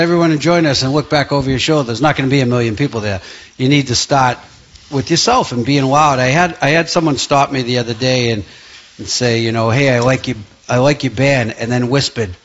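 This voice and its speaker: A man's voice: medium pitch, a bit bright, lo-fi sound. A man, a musician guest on a radio show, talking passionately with many restarts and fillers. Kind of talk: radio interview.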